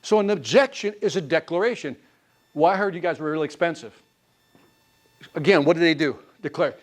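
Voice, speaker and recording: A man leading a live sales training class, quizzing the room with quick questions and answers. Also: a little high. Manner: animated, quizzing the class with call-and-response questions.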